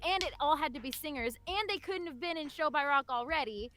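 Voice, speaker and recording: A woman's voice: high voice, lively intonation, brisk, bright, forceful tone. A woman voice director chatting casually on a panel, bubbly and full of "like" and laughter.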